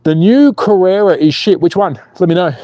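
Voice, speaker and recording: A man hosting a live stream outdoors, commentating with excitable jokes and reading viewer chat aloud. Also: high-pitched, normal speed, dry recording. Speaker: slot car channel host.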